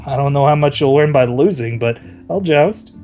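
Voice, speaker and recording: A man's voice: a little high, moderate pace, darkish tone, soft background music, natural voice. A man voicing a boastful young male puzzle champion who teases his rival. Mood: cocky. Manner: boastful, teasing.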